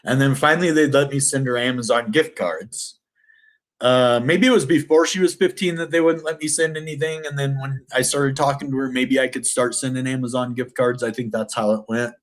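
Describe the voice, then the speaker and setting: A middle-aged man tells his life story to camera, talking casually and rambling in an earnest, emotional way with many restarts and self-corrections. His voice sits at medium pitch with a steady tone, and he speaks fairly quickly.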